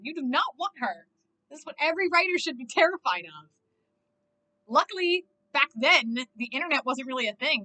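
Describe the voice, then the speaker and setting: A woman reacting to a movie in casual commentary, animated and exclaiming, swearing constantly and laughing. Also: high-pitched, poor audio.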